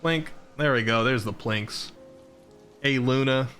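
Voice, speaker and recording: A man's voice: medium pitch, slow pace, fairly bright tone, faint music behind. A man chatting casually with his viewers as a VTuber streamer, laughing often and talking straight to chat.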